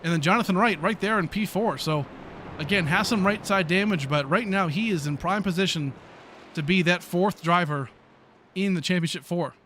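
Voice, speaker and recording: A man with a high, light voice calling a sim truck race play-by-play. He talks in a chatty, excitable way, full of fillers and quick reactions to the action. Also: a little hiss or hum. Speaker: sim racing play-by-play commentator. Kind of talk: live race commentary.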